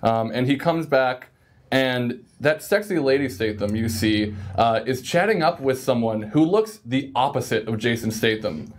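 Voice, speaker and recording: A man's voice: medium pitch, lively intonation, moderate pace. Casual man running a tabletop game. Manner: casual, upbeat, with many fillers. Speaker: game master. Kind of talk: narrating a tabletop game on stream.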